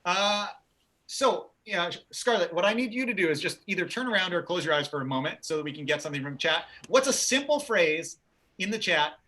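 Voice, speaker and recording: A man's voice: high voice, animated, brisk, bright, forceful tone. A man hosting a livestreamed game show over a video call, upbeat and jokey.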